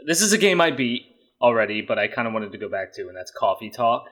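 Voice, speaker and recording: A man's voice: mid-range voice, big pitch swings, quick pace, fairly bright tone. A man co-hosting a casual gaming podcast, dry and self-deprecating. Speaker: podcast co-host.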